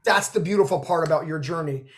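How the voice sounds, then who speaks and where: A man hosting a training interview, gushing and effusive, full of "like" and warm praise. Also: a little high, fast. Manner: effusive, gushing, filler "like" and "girl". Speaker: host, notary trainer. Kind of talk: emotional interview chat.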